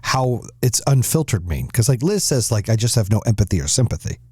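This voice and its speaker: Middle-aged male host, lively swooping delivery, dark voice, pushy and profane. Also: on the low side, a little fast, breathy edge, dry recording, studio quality. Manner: animated, profane, pushy questioning. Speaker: podcast host. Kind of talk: casual banter.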